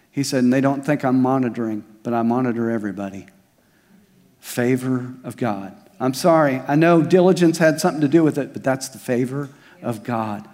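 A man's voice: mid-range voice, a little mellow, in a large hall. A male pastor preaching a sermon, mixing scripture with personal stories and rhetorical questions. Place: church service at a community center.

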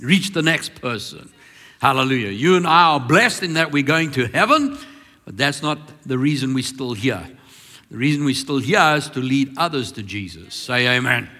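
A man preaching a sermon as pastor, swinging between emphatic, drawn-out declarations and quieter, confiding storytelling. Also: medium pitch, lively intonation, big-room sound.

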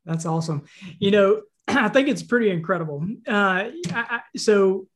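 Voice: medium pitch, moderate pace. An interview host with a Southern US accent, affirming and encouraging the guest. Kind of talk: conversational interview.

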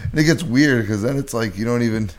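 A man in a casual podcast chat who chimes in with quick remarks. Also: medium pitch. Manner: animated, chiming in with quick remarks.

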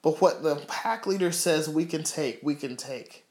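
A man's voice: fairly high pitch, a little slow, darkish tone. A man preaching fervently with rhetorical questions and emphatic repeats, then leading a prayer. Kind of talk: sermon with closing prayer. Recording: roomy echo.

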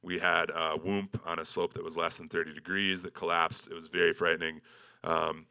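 Here a man's deep, smooth voice sounds pushed and bright, with little pitch movement and a moderate pace. He's giving a relaxed, joking slideshow talk about an expedition, putting himself down for laughs and sprinkling in plenty of ums and likes.

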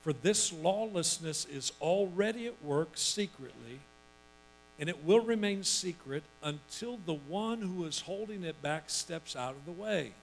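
Higher-voiced male pastor preaching with bursts. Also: expressive, unhurried, gravelly, faint music behind, poor audio. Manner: preaching with sudden bursts of emphasis and acted-out quotes. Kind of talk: sermon.

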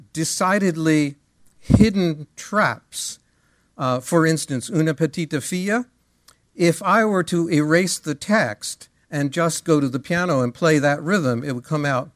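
A male music teacher giving a lecture. He explains things in an animated way and sings rhythms aloud as syllables. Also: on the high side, no echo, clean studio sound.

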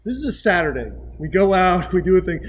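A man in his forties, a podcast host, telling stories in a casual, animated way and laughing as he goes. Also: high-pitched, fast talker, a little hiss or hum, poor audio. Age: 40s. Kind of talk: casual storytelling chat.

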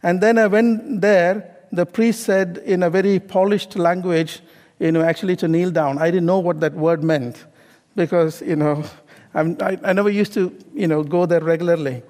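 A man's voice: high voice, steady tone, moderate pace, a little mellow, long reverb tail. A middle-aged man preaching a sermon in a conversational way, often asking the congregation questions and adding "okay?" and "you know". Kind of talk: sermon with personal story.

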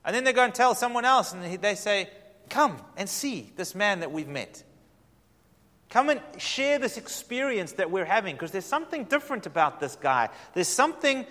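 A male pastor preaching a sermon in an earnest, inviting way, moving between hushed and emphatic delivery. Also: sits high, big pitch swings, moderate pace. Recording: long hall reverb.

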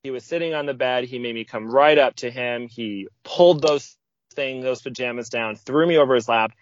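A man on a podcast telling a personal story in a relaxed, casual way, acting out what people said with sudden jumps in pitch. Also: normal speed. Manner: lively, acts out quoted speech with sudden pitch jumps. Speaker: podcast guest. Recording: dull, dry lo-fi audio.

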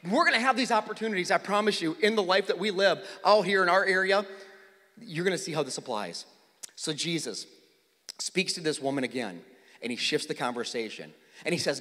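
A man preaching a sermon, swinging between loud calls and hushed tones, acting out the people in the story. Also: high voice, normal speed, big-room sound. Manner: animated, swings from loud to hushed, acts out voices. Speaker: pastor.

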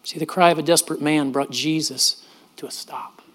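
A middle-aged man, a pastor, preaching a sermon in an earnest manner, often dropping his voice softly and repeating words as he goes. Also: fairly high pitch, fairly even intonation, moderate pace. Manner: earnest, with frequent soft drops and repeated words.

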